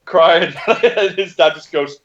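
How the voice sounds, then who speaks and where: A man's voice: a little high, slow pace. A man in his thirties chatting casually while co-hosting a game livestream, swearing freely and laughing as he tells stories. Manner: animated storyteller, laughs often, swears. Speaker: livestream co-host. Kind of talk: casual gaming chat. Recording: muffled lo-fi audio.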